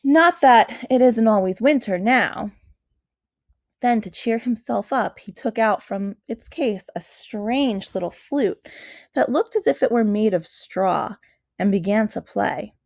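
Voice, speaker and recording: A woman narrating a storybook in a measured, storytelling manner. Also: mid-range voice, vocal fry, darkish tone, dry recording, clean studio sound. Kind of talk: storybook reading.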